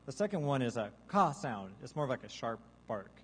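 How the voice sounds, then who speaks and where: A man giving a deadpan mock science lecture to a live audience, now and then breaking into loud seagull caws and zombie groans. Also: medium pitch, a little fast, breathy edge, low-quality recording. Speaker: guest artist presenting research. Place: large hall with a live audience.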